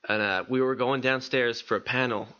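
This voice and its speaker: Bright, laughing man telling a podcast story. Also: medium pitch, moderate pace. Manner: animated anecdote-teller, laughs often, swears casually. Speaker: podcast co-host. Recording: dull lo-fi sound.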